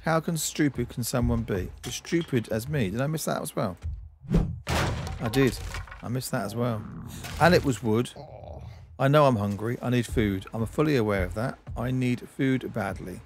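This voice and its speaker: Male game streamer, mid-pitched voice, rambling running commentary, faint noise behind. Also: creaky. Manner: chatty, talks to himself and to objects in the game. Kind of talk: let's-play commentary.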